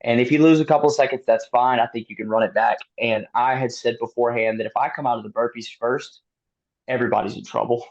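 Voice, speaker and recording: A man being interviewed, telling a race story in a casual, animated way, laughing often and using lots of fillers. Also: medium pitch, quick pace, vocal fry. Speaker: guest athlete. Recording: dull lo-fi sound.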